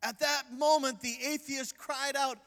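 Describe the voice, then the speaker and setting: A man preaching as a visiting evangelist in a church, lively and calling for the crowd's responses. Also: very high voice, a little slow, long reverb tail. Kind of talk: sermon.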